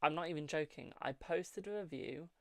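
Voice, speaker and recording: Casual live-stream tarot host, gravelly mid-pitched voice, dry close sound, loose and chatty with viewers. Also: moderate pace, a bit bright, no echo. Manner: chatty, fills with "like", calls viewers darling and Boo; yawning, low-key.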